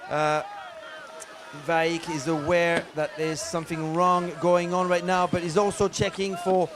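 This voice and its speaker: A man giving live commentary on a paddleboard race. He talks in a lively way and pauses on many fillers. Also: fairly high pitch, noisy background.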